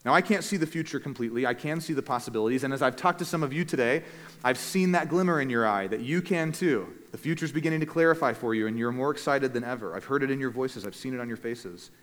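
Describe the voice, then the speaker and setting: A male pastor delivers a sermon in a measured, earnest voice at an ordinary middle pitch, slowing down for weight on key lines. His voice rings with a long reverb tail from the church room he speaks in. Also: fairly bright tone. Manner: measured, earnest delivery with slow emphatic phrases.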